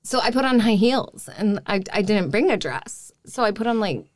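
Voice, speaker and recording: Woman, 30s, podcast guest; lively storyteller, mid pitch, dry close mic. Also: normal speed, dry recording. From Wisconsin, USA. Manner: lively, acts out quoted exchanges. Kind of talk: casual storytelling chat.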